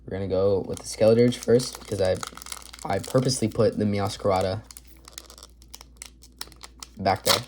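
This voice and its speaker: A man's voice: lowish voice, steady tone, normal speed, long pauses, noisy background. A man hosting a casual card-opening video, upbeat and chatty, rattling off card names as he goes. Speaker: card collector video host. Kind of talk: casual pack-opening commentary.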